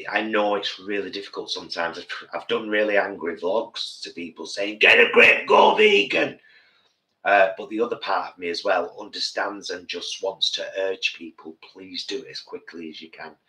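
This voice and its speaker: A man with a very low voice co-hosts a live cooking stream and speaks earnestly and directly to his viewers. His tone stays bright despite the depth. The room is echoey, like a home kitchen. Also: fairly even intonation, normal speed. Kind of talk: casual live-stream chat.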